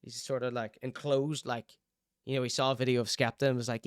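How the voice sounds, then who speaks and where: A man's voice: medium pitch, little pitch movement, a little fast, clean tone, no echo, studio quality. A young Irish man hosting a live-streamed chat show, reading out chat and teasing viewers in rambling, jokey banter. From Ireland. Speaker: livestream host.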